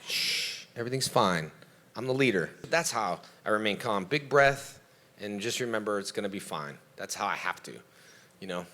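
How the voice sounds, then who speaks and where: Speaking at normal speed with a fairly low pitch, a man appears as a convention panel guest, his voice bright and forceful. He responds to fans like a karate teacher, giving motivational advice on self-belief and voicing quotes in animated impressions.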